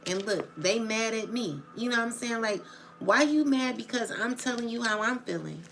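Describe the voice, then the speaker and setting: A woman's voice: a little high, moderate pace, a bit bright. Agitated woman ranting on a livestream. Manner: agitated, repeats "you know what I'm saying"; casual, profane slang. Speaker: tarot channel livestreamer. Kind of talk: emotional livestream rant. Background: background music.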